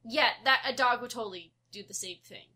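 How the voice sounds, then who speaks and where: A woman co-hosting a casual movie chat, talking fast with many fillers and bursts of outrage. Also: a little high, sharp tone. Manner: chatty, lots of "like", quick bursts of outrage. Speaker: podcast co-host.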